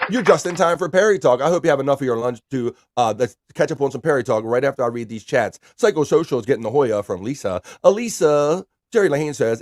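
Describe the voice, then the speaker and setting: A man's voice: mid-range voice, lively intonation, a little fast, few pauses, dry recording, studio quality. Chatty man hosting a live stream. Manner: reads viewer chat aloud, upbeat and chatty. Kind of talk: casual chat.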